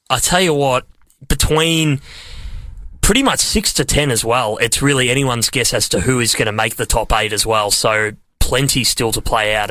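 A man's voice: medium pitch, sharp tone, no room sound. A young Australian man co-hosting a casual sports radio show in a studio, joking around and laughing often. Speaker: co-host.

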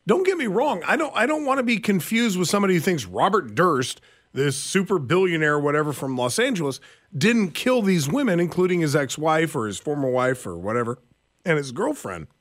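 A man's voice: on the high side, very animated, fairly quick, fairly bright tone. A man co-hosting a talk show, playing devil's advocate in a teasing, skeptical way. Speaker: co-host. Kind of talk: casual talk show banter.

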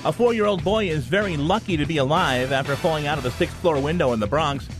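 Radio news guy reading traffic n weather, steady, light music underneath. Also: fairly high pitch, quick pace. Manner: steady scripted delivery.

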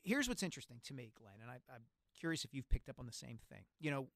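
A man hosting a sports talk radio show, articulate and brisk, on a studio microphone. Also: medium pitch, sing-song, creaky, a bit bright, no room sound.

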